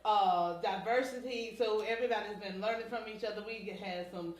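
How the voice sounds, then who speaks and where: A woman's voice: medium pitch, moderate pace. A woman speaking enthusiastically as a panelist at a church women's event. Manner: enthusiastic, laughing. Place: busy church event venue. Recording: echoey room with faint background noise.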